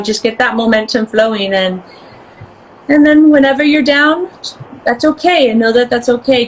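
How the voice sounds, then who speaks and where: Upbeat woman on an interview, kinda high voice, laughs a lot, slight hiss behind. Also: low-quality recording. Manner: bubbly, laughs often, acts out voices in her stories. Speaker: guest. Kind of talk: casual interview chat.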